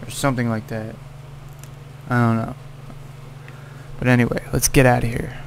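A man's voice: medium pitch, fairly even intonation, moderate pace, creaky, long pauses, a little hiss or hum. A man giving casual gameplay commentary, cursing and scolding the game character. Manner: profane, exasperated, yelling at the game character. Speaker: let's play gamer.

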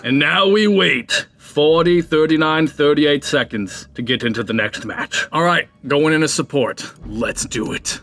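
A man's voice: on the high side, animated, moderate pace, few pauses, a little hiss or hum. Jokey young man yelping over gameplay. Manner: jokey, swearing, yelps and shouts when attacked. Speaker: gaming channel host. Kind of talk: live gameplay commentary.

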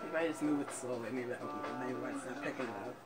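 A man playing a video game, commenting as he plays, often frustrated, swearing, laughing and yelling at the game. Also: medium pitch, quick pace, poor audio. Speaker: gaming YouTuber. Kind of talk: let's play commentary. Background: game music.

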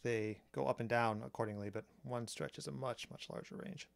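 A man calmly explaining a drum machine's sounds step by step, pausing between phrases as he demonstrates. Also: mid-range voice, creaky. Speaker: synth reviewer. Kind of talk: technical demo narration. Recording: strong mains hum on the mic.

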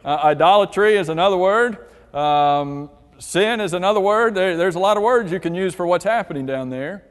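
In a large hall where his voice rings with a long reverb, a high-pitched man leads a church Bible class. He puts questions to the group and reads scripture passages aloud. His intonation is lively and his speed normal.

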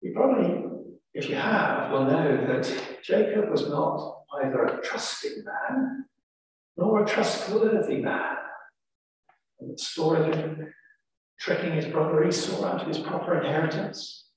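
A man's voice: on the high side, lively intonation, unhurried, slight background noise. A man with an English accent preaching a sermon, telling a story with dramatic emphasis. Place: large church. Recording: echoey church from far off.

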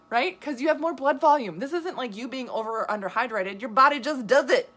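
Excited woman coach on a live vid, talks w her hands, chatty, laughs a lot. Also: high-pitched, fairly quick, hardly any pauses. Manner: animated, gesturing a lot while talking; chatty with frequent asides and laughs. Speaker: nutrition coach. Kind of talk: live video answering viewer questions.

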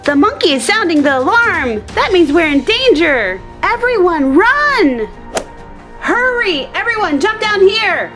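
Woman, very high voice, lively, playful, toy play storyteller. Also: measured pace, over music. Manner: animated, playful.

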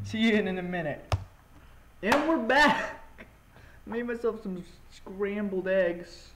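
A gaming channel host commentates a let's-play at home, chatting casually and talking with his mouth full while eating. The mic is pressed right against his mouth. His voice sits high and steady at a slow pace, and the background is noisy.

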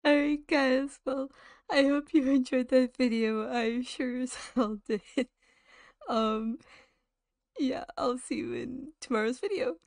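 A woman's voice: high-pitched, slow, creaky, dry recording. A woman streamer in casual game roleplay chat, playful and teasing with frequent laughs.

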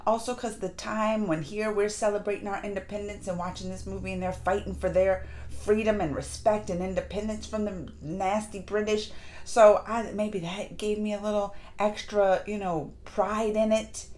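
A woman reviewing a movie in a casual vlog, gushing and excitable, with lots of fillers and restarts. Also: mid-range voice, slight background noise. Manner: acts out lines in quick put-on voices. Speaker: movie reaction vlogger. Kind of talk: casual chat.

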